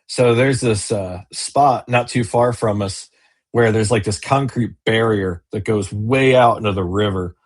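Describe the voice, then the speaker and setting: Husky, lower-voiced male guest, casual and rambling, on a video call. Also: unhurried. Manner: rambling storyteller with many fillers and restarts. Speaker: business owner and kayak angler, guest. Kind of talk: casual interview chat.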